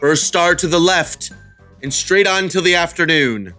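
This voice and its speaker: A man voicing a boastful self-proclaimed male space captain in a put-on Russian accent, making slow, grand declarations. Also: fairly high pitch, animated, sharp tone, soft background music. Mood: grandiose.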